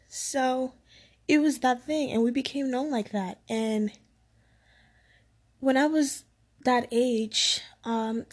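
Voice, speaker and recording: A young woman with a fairly high voice tells a story from her school days. She rambles and drifts off track, and she laughs often as she goes. She grew up in the Dominican Republic. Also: darkish tone. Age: young adult. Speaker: vlogger. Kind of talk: casual storytelling.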